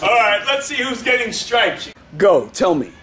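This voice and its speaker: A male karate instructor coaching children in class, playful and teasing, bursting into excited shouts, in an indoor studio. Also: high-pitched, measured pace, heavy background noise.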